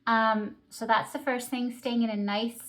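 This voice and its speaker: A woman's voice: on the high side, little pitch movement, measured pace, a bit bright. A woman who teaches early childhood music, explaining singing techniques in a patient, practical way. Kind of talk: instructional talk.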